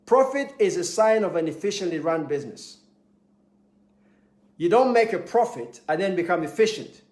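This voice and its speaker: A man's voice: high voice, animated, normal speed, a little mellow. A man giving a motivational talk, emphatic, repeating key points and acting out little scenes. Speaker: motivational speaker. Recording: echoey room.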